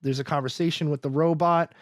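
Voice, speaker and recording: A man's slightly high voice, fairly even in intonation and quick in pace, recaps a film on his podcast in casual, rambling talk heavy with "like" and acted-out lines. The recording is dry and studio quality.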